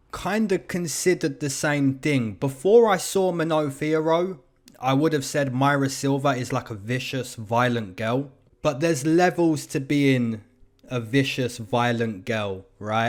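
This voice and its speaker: A young man hosting his own show, giving casual, slangy fight predictions and betting numbers. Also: mid-range voice. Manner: chatty, slangy, hedging with "you know" and "man". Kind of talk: casual commentary.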